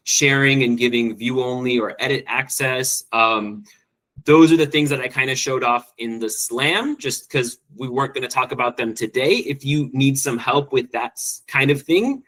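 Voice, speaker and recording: A man teacher presenting an online spreadsheet training, quick and enthusiastic, with frequent ums and restarts. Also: medium pitch, pushed and bright, poor audio.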